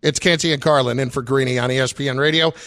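A man's voice: medium pitch, fairly even intonation, fast, fairly bright tone. A man hosting sports talk radio, running a quiz with teasing, dry banter into a studio microphone.

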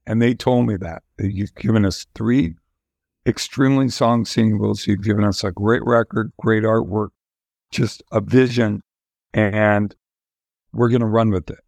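A man's voice: on the low side, fairly even intonation, a little slow, vocal fry, darkish tone, no echo. An older man, a musician guest, telling long candid stories in a casual interview, rambling with restarts.

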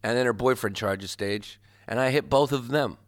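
A man's voice: mid-range voice, normal speed. A man, a stand-up comedian, telling his story casually in an interview with loose fillers and laughs.

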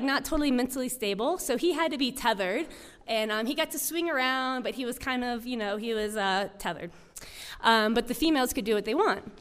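A woman with a somewhat high, smooth and resonant voice tells a personal story to an audience. She talks in a loose, chatty way, with lots of "like" and "um". Her voice carries the long reverb of a large hall. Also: a bit bright. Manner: chatty, full of "like" and "um" fillers.

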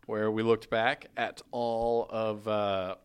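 A man's voice: fairly low pitch, flat delivery, takes it slowly, clear, resonant tone. A man co-hosting a casual podcast, joking and teasing while he runs through news. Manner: jokey, teasing, rambling. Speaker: podcast co-host. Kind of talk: casual chat.

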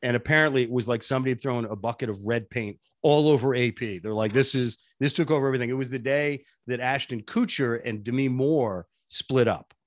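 A man who is a radio personality, telling stories as an interview guest in an animated way and laughing often. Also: mid-range voice, a little fast, few pauses, no room sound, studio quality. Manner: animated, laughs often, jumps between voices. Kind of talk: casual interview storytelling.

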